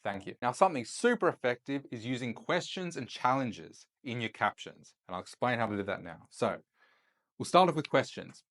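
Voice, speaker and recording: A young man explains his tips in a loose, casual teaching style, often tacking "right?" onto his points. His voice sits at an ordinary middle pitch. He sounds like a host talking straight to his viewers. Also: lively intonation, moderate pace, a bit bright. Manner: loose and chatty, checks in with "right?" after points. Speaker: host and chat-sales coach. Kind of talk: casual instructional talk to camera.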